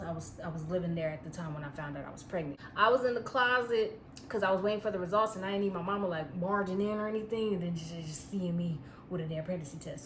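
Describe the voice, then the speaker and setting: A young woman telling a personal story in a casual, profane, animated way, often breaking into laughter. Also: medium pitch, a little hiss or hum. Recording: echoey room with faint ambience.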